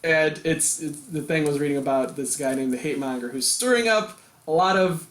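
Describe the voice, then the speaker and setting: A man's voice: on the high side, normal speed, fairly bright tone. A man co-hosting a podcast, recapping a comic in a rambling, chatty way with lots of fillers. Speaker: podcast co-host. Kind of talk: casual chat recapping a comic. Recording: echoey room.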